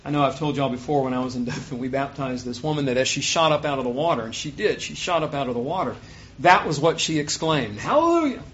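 A man preaching a sermon, reading scripture loudly and dropping low and quick for his asides. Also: slight background noise. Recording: dull lo-fi sound.

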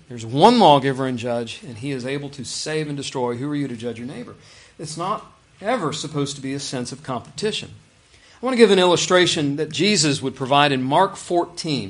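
A man's voice: on the high side, a bit bright. A man preaching a sermon in a conversational way, reading scripture aloud with emphasis. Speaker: pastor.

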